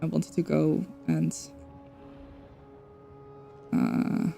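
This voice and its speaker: A woman's voice: deep voice, completely flat delivery, drawn-out words, creaky, mellow, faint music behind. A young woman streaming a game, chatting casually and rambling, correcting herself and swearing now and then. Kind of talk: casual livestream chat.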